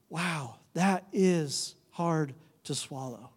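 A man's voice: unhurried, mellow. A man preaching a sermon as pastor, talking conversationally and putting questions to the congregation, acting out quoted voices. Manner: acts out quoted voices with shifting pitch. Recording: reverberant hall.

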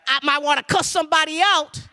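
High-pitched, bright fervent male preacher. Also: quick pace. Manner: shouting, urging call-and-response; repeats words, fervent preaching cadence. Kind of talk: sermon.

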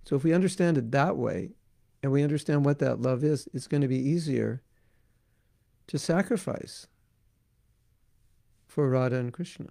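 A man's voice: mid-range voice, normal speed, vocal fry, pauses often, mellow, dry recording, studio quality. A man giving a devotional talk as a spiritual teacher, earnest and repetitive, often saying "you know", then taking viewer questions.

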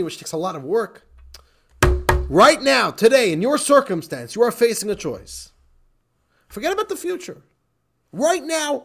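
Rabbi-teacher type: energetic man, lively swooping delivery, quick laughs, a touch higher-pitched. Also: vocal fry. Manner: animated, laughs often, repeats for emphasis. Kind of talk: lively recorded class.

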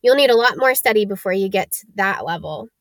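Lady reading big gruff friendly gamekeeper guy, blunt, homely, chatty, dry close sound. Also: mid-range voice, animated, brisk, dry recording, close to an everyday voice. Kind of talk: read-aloud storybook voice.

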